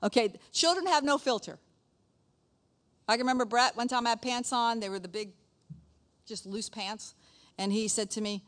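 A woman's voice: on the high side, normal speed, long pauses. Chatty woman giving a sermon. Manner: chatty, animated, frequent "okay?" asides. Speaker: pastor's wife, speaker. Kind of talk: casual sermon talk.

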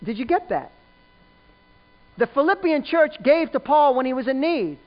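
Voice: high-pitched, sing-song, normal speed. A preacher giving a sermon, emphatic, repeating key lines and quizzing the listeners, in a dull lo-fi recording.

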